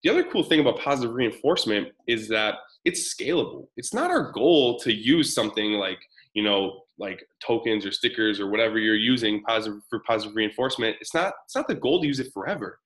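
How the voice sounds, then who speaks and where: A man's voice: on the low side, expressive, fairly quick, fairly bright tone, rough recording. A man in his thirties presenting a live parenting webinar, talking casually and energetically while answering chat comments.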